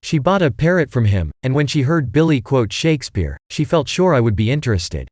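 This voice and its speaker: A man reading an audiobook, voicing an elderly male stage actor who talks in a slow, theatrical, drawn-out way. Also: mid-range voice, sing-song, a little mellow, no room sound, studio quality. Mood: recounting.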